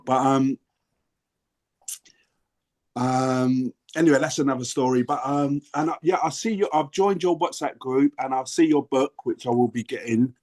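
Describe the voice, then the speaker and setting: A man's voice: mid-range voice, moderate pace, a little mellow. A man in his sixties with a London accent, sharing his story in a twelve-step workshop in a rambling, earnest way with many restarts. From England. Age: 60s. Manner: rambling, self-interrupting, earnest. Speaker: workshop participant. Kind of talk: casual sharing on a video call.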